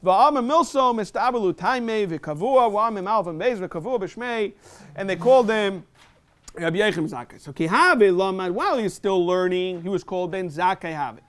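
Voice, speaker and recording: A man teaching a Talmud lesson in a synagogue, reading Aramaic text and explaining it in English with quick rhetorical questions. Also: sits high, fairly bright tone.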